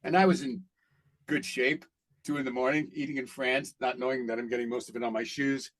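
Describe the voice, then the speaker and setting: A man who works as a voice actor telling stories in a casual interview, animated and laughing as he acts out what people said. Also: mid-range voice, fairly quick, low-quality recording. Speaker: voice actor guest.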